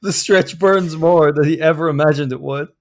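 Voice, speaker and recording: A man's voice: a little high, normal speed. A man co-hosting a comedy podcast, reading fan fiction aloud and breaking into laughter as he goes. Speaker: podcast co-host.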